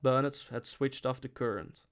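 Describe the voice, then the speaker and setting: A man reading a novel aloud in a steady, mid-pitched voice. He restarts a word now and then. The pace stays even throughout. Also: normal speed. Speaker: audiobook reader. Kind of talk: unscripted-feel audiobook narration.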